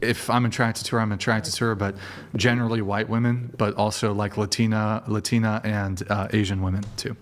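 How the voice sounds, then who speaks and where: A man hosting a dating debate show, firing quick teasing questions at guests. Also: fairly low pitch, flat delivery. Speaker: host.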